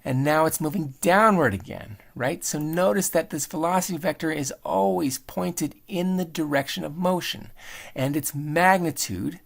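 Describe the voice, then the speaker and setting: A man teaching engineering in a screen-recorded lecture, thinking aloud in a relaxed way as he demonstrates. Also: on the high side, normal speed, vocal fry. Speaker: engineering instructor.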